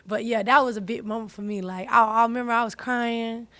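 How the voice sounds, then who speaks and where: Animated young woman chatting. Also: on the high side, a little fast, dry recording. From US South (Atlanta). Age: young adult. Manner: animated, slangy, repeats herself. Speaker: host, college athlete. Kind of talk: casual chat.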